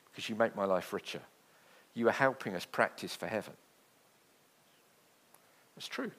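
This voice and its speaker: Lively man preaching a sermon. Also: mid-range voice. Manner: animated, conversational preaching with asides and jokes. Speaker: pastor.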